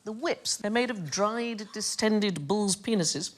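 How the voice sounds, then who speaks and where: A woman hosting a comedy panel show, telling stories in an animated way and laughing often. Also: medium pitch, takes it slowly. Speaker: quiz show host.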